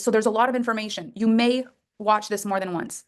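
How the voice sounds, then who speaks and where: A woman's voice: medium pitch, steady tone, fast talker, darkish tone. A middle-aged woman, a life coach, talking to listeners in a coaching call and acting out inner voices with big jumps in her voice.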